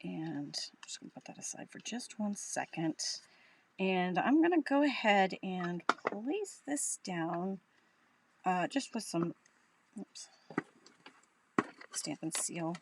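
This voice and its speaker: A woman's voice: lowish voice, big pitch swings, slow pace, long pauses, background noise. A woman with a Boston accent giving a chatty, upbeat live crafting tutorial, thinking aloud as she works. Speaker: craft demonstrator.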